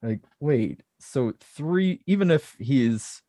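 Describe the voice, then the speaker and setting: A man's voice: mid-range voice, expressive, slow, warm tone, no echo, studio quality. A man co-hosting a podcast, recapping a movie plot casually and laughing often. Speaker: podcast co-host. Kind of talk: casual film discussion.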